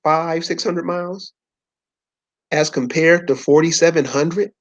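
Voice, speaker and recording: A man's voice: a little high, steady tone, measured pace, muffled recording. Preachy man lecturing with rhetorical questions. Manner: talks to the audience in loose slangy speech. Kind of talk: informal lecture pointing at a map.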